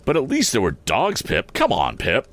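A kindly, simple village blacksmith coaxes and reassures in slow, homely country speech, as a man reading a storybook puts him on. His voice rises and dips in wide, lively turns. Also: low voice, heavily acted. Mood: coaxing, amazed. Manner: rustic dialect, slow and homely.

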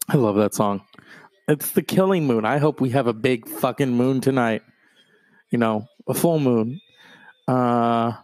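A man's voice: mid-range voice, dry recording. Rambling, profane male podcast host. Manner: profane, rambling, sarcastic asides. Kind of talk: casual solo podcast rant. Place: home in the countryside.

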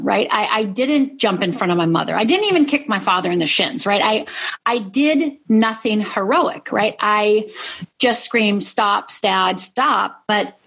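A woman's voice: medium pitch, a bit bright, husky. A middle-aged woman from Upper Michigan, a life coach, telling a personal story in an interview, earnestly checking in with "right?". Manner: earnest, frequent "right?" tags.

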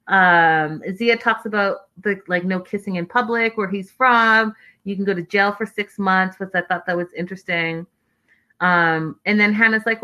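A woman's voice: mid-range voice, pushed and bright. A woman hosting a casual live recap of a reality show, chatty and opinionated, with exasperated asides to her viewers. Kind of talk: casual live-stream commentary.

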